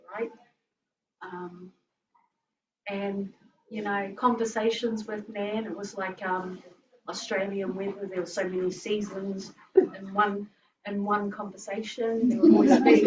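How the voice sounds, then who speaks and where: A woman's voice: mid-range voice, a little mellow. Nz woman, 50s, chatty emotional family tribute, far off mic, roomy muffled sound. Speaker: granddaughter giving a tribute. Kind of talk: informal memorial speech. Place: indoor family gathering. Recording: roomy, distant, muffled, faint hiss.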